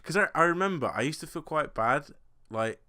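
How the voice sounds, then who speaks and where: A man's voice: fairly high pitch, animated, fairly quick, sharp tone. A young British man co-hosting a casual podcast. He tells stories about his own awkward moments in a rambling way and laughs at himself often. He keeps the tone loose and chatty. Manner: rambling, self-deprecating storytelling with frequent laughs. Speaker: podcast co-host. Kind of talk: casual chat.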